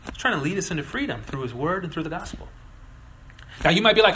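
Lively, bright-voiced preaching man. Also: fairly high pitch, fast talker, long pauses, low-quality recording. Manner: animated, acts out voices in illustrations. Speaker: pastor. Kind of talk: sermon.

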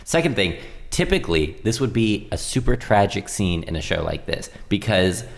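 A man co-hosting a podcast, relaxed in casual chat as he gives his opinions on a TV episode. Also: fairly low pitch, normal speed, creaky. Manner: relaxed, offers opinions about the show. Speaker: podcast co-host.

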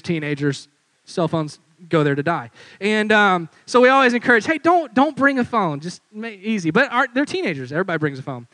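Young man, youth pastor, high voice, dry close sound, animated sermon storytelling. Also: dry recording, rough recording. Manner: animated storyteller, acts out quotes.

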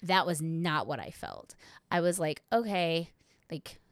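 Woman podcast co-host, casual storyteller, slightly low voice, dry close sound, swears freely. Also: a little slow, no room sound. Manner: lively storyteller, swears casually, acts out her own past thoughts.

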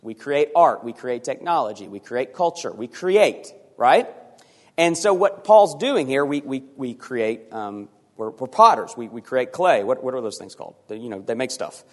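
A man preaching a sermon as pastor, animated and sometimes acting out voices for emphasis. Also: mid-range voice, normal speed, long reverb tail.

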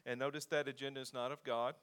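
A male pastor preaching a sermon in a relaxed, conversational way, reading scripture aloud between remarks. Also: mid-range voice, quick pace, smooth.

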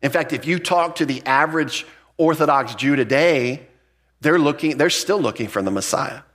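A man's voice: normal speed, a bit bright. A man preaching a verse-by-verse sermon as a pastor, talking to the congregation in a conversational, emphatic way and often restarting his words. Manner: jumps up in pitch to stress key points. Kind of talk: expository sermon.

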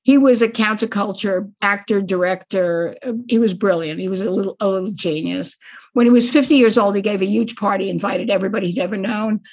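A woman's voice: medium pitch, fairly quick, darkish tone. Wry older woman telling anecdotes. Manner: wry, anecdotal, laughs often. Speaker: author, interview guest. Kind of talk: reflective interview storytelling.

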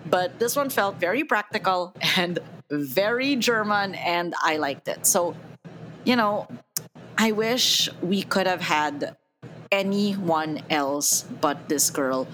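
A woman's voice: on the low side, lively intonation, takes it slowly, fairly bright tone, a little hiss or hum, poor audio. Chatty opinionated woman reviewing movies. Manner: chatty, opinionated, laughs often. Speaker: podcast co-host. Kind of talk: casual movie review chat.

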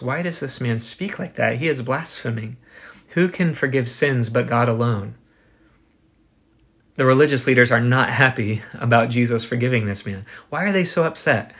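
A man's voice: medium pitch, fairly bright tone. Earnest male preacher, rhetorical questions. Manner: earnest, builds with rhetorical questions and slow pauses. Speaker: pastor. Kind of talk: sermon.

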